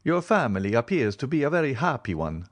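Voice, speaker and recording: A man voicing a reserved nobleman with a sweet, gentle tone. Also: mid-range voice, very animated, fairly quick, no echo.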